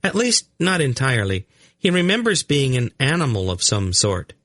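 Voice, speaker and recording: A man voicing a calm, uncanny young boy who reads minds, in an audiobook. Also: medium pitch, moderate pace, no room sound, clean studio sound, voice pushed up. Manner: calm, matter-of-fact explaining. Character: uncanny mind-reading blond boy, calm. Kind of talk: audiobook character voice.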